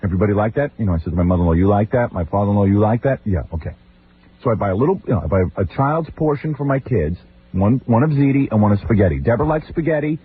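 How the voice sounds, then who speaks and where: A man hosting a radio show, telling comic stories in an animated, exasperated rant and mimicking his relatives. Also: on the low side, very fast, hardly any pauses. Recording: tinny phone-like old radio recording with faint hiss.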